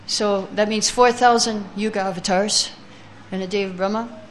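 A woman's voice: medium pitch, fairly even intonation, a little hiss or hum. Woman teaching a scripture class. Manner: chants Sanskrit verses slowly, then reads translations and explains; takes answers from the class. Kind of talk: scripture class, reading verses and explaining.

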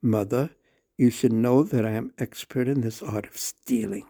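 A man's voice: medium pitch, normal speed, warm tone, no echo, studio quality, natural voice. A man voicing a mischievous, demanding little boy god while reading a devotional story, in a plain reading tone.

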